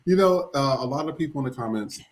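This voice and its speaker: A man's voice: mid-range voice, expressive, quick pace, slight background noise. A man hosting a podcast in loose, laughing casual chat. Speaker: podcast host.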